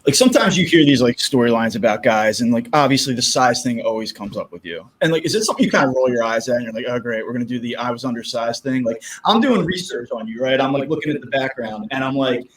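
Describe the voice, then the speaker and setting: A male podcast co-host and former high school coach who asks long, rambling questions packed with "like". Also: lively intonation, quick pace, few pauses, recorded from a distance, a little hiss or hum. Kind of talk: casual podcast interview. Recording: roomy, a bit off-mic.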